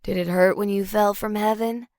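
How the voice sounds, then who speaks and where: A woman doing a smooth, flirty mystery man. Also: medium pitch, measured pace, no room sound, clean studio sound, lightly acted. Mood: flirtatious.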